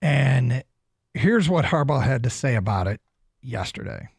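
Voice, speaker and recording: A man hosting a sports talk radio show in a studio, taking calls and making his points deliberately, repeating phrases for emphasis. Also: mid-range voice, sing-song, creaky, breathy edge, no echo.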